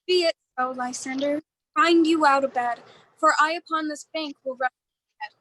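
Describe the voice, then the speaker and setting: A woman playing the young maiden Hermia, delivering verse slowly and carefully in a community theatre reading. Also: sits high, steady tone, fairly bright tone, dry recording, low-quality recording. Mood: tender.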